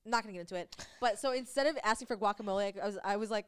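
A woman's voice: mid-range voice, racing, clean tone. A young woman co-hosting a podcast, chatting casually with lots of fillers and bursts of laughter. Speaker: podcast co-host. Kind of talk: casual chat.

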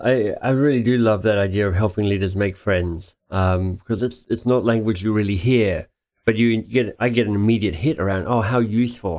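A man's voice: lowish voice, a little mellow. Enthusiastic man hosting a podcast. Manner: enthusiastic, gushing, joking. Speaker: podcast host. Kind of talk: casual interview.

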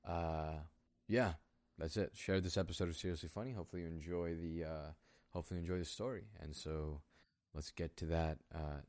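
Young man, solo podcast host, low-pitched, meandering and self-mocking, reads his own story. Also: fairly even intonation, fairly quick, darkish tone. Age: young adult. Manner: rambling, self-mocking, with many fillers.

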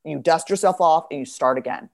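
A woman's voice: low-pitched, fairly quick, creaky. A woman in her fifties, a podcast guest, talking candidly and bluntly, swearing freely and acting out voices as she tells stories. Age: 50s. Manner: blunt, profane, animated storytelling. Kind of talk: candid conversation.

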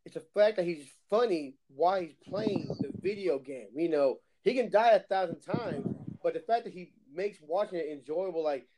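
A man chatting casually on a podcast, telling lively gaming stories and mimicking other players' voices. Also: high-pitched, normal speed, slight background noise, poor audio. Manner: animated storyteller who acts out other players' voices and swears. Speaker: podcast co-host. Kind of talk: casual chat, storytelling.

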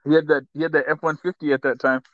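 A man in his forties recalling old times in an easygoing, profane way, quick to laugh. His voice is a touch high for a man. The sound is dry and somewhat dull, like a lo-fi mic. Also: little pitch movement, no echo. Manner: laid-back, profane, laughs often. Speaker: guest. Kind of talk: casual storytelling chat.

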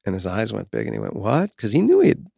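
A man's voice: on the low side, wildly swooping pitch, rapid-fire, creaky, mellow, husky, no echo, clean studio sound. A man in his fifties talking as a guest, telling candid stories in a reflective, frank way and swearing now and then. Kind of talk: candid conversational storytelling.

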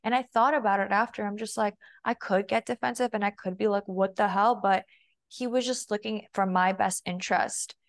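With vocal fry, a medium pitch and fairly even intonation, she talks a little fast as a podcast guest. The young femininity and body language coach is chatty, leans on "like," and quotes both herself and her partner.

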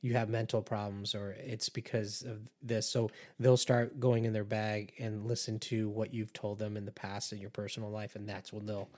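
A man's voice: on the low side, flat delivery, moderate pace, few pauses, darkish tone. A man hosting a podcast, talking to listeners in an earnest, conversational way and warning them. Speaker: podcast host and empath coach. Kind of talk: casual podcast monologue.

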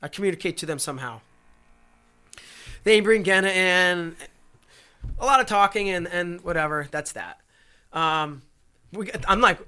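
Man, high voice, bright tone, animated storytelling chat, acts out voices. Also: unhurried, pauses often, clear, resonant tone. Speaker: guest.

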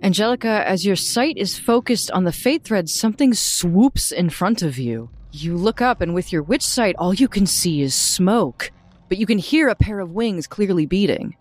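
A woman acts as game master for a tabletop role-playing game, narrating slowly in a descriptive storytelling style. Her voice is mid-range and expressive.

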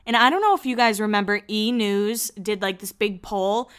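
A young woman hosting a podcast and recapping a reality show in casual chat, laughing often and slipping in quick quoted asides. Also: medium pitch, fairly bright tone, clear, resonant tone.

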